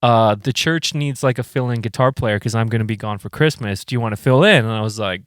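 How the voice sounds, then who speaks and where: A man co-hosting a casual podcast chat, telling animated stories and acting out quoted voices with plenty of swearing. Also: medium pitch, a little fast, hardly any pauses, no room sound, clean studio sound. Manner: animated storyteller who acts out quotes with lots of swearing. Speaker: band member and podcast co-host.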